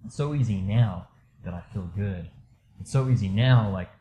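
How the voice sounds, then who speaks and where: A man candidly telling a personal story in a casual, rambling way, full of fillers, going quiet at the low moments. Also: moderate pace, slight background noise. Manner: candid, rambling, many fillers, drops soft when reliving low moments. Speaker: storyteller sharing a personal experience.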